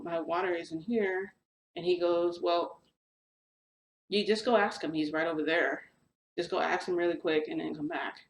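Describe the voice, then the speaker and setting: A woman's voice: low-pitched, reverberant, poor audio. A young woman casually telling a long story to her viewers, acting out quoted dialogue as she goes. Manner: chatty, animated retelling with quoted dialogue. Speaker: vlogger telling a shifting story.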